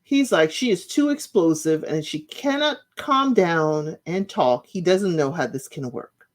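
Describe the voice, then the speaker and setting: A woman's voice: lowish voice, expressive, measured pace. A woman hosting her own channel, chatting casually as she recaps reality show episodes and retells the scenes in her own words.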